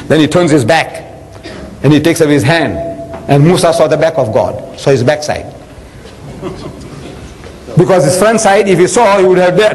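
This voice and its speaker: A man's voice: on the high side, a little hiss or hum. An older man giving a religious lecture, telling stories with humour and acting out the dialogue. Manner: lively storytelling, acts out dialogue with humour. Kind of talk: lecture to an audience. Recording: long reverb of a hall.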